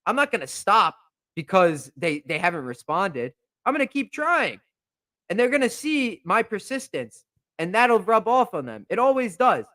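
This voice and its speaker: A man's voice: sits high, sing-song, normal speed, bright, forceful tone, no room sound. Fired-up young male podcast host. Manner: fired-up, indignant, repetitive. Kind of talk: heated podcast rant. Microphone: podcast microphone.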